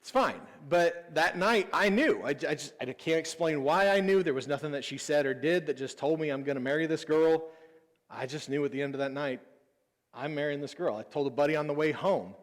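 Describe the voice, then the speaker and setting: A man's voice: a little high, brisk. A man in his thirties, a pastor, giving a casual, personal sermon full of stories and self-deprecating humor. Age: 30s. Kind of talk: conversational sermon. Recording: long hall reverb.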